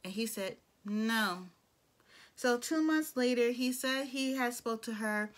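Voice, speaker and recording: A woman's voice: fairly high pitch, moderate pace. A young adult woman giving a casual, opinionated recap of a reality show, with blunt asides. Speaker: show reviewer.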